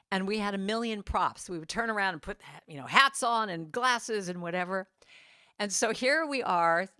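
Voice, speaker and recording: Woman speaker, low voice, dry sound, warm storytelling talk with quoted bits. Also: dry recording. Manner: heartfelt storytelling with acted-out quotes. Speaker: inspirational speaker and singer-songwriter. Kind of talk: inspirational church talk.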